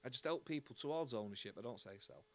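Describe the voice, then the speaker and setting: Male podcast host, mid-pitch, stop-start delivery, repeats himself, acts out the people he quotes. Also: expressive, quick pace. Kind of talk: casual chat.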